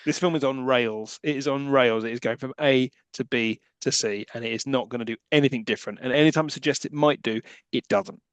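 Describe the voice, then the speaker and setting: Fast-talking man in jokey podcast banter. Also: medium pitch, smooth, no room sound. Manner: quick, jokey banter, laughs often. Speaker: podcast co-host. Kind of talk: casual film-review chat.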